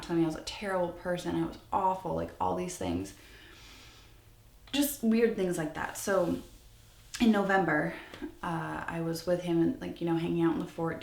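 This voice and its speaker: A young woman in her twenties tells a personal story to camera, candid and rambling as she restarts her sentences. Her voice has a gravelly fry. The recording sounds roomy and echoey. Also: on the low side. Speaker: vlogger. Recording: echoey room.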